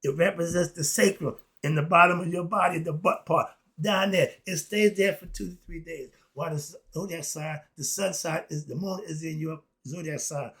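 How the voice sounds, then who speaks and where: A man lecturing about spirituality, asking and answering his own questions, with quiet asides and loud excited bursts. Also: on the high side, normal speed, few pauses, husky. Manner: preachy, talks straight at the audience, asks and answers his own questions. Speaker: host.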